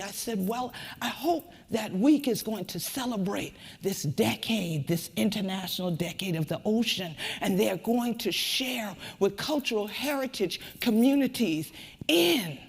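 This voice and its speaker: A woman with a Gullah Geechee accent delivers a rhythmic, chanting keynote with a husky, gravelly voice. Her pitch swings widely as she moves from hushed whispers to shouts. The sound carries a long reverb, as if in a large hall. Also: animated, unhurried. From Sea Islands of the American Southeast. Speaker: community leader and keynote speaker. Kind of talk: spoken-word keynote performance.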